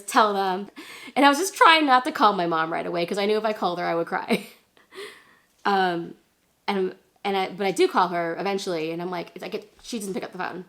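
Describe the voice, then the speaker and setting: A young woman telling a story in a casual vlog, chatty and animated, laughing at herself and jumping into a high squeal when she acts out what people said. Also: vocal fry. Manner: chatty, many fillers and self-deprecating laughs. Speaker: vlogger.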